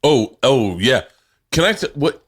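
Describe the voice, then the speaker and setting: Man, middle-aged, podcast host, animated storyteller, swears a lot, mid pitch. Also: a little slow. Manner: animated storyteller, swears freely, laughs while talking. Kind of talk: casual chat.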